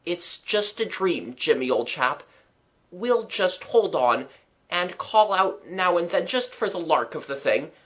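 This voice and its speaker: A reader voicing a brave boy who calmly reassures his younger brother in a storybook. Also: mid-range voice, measured pace, pitched above the performer's own voice. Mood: reassuring. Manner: steady, reassuring.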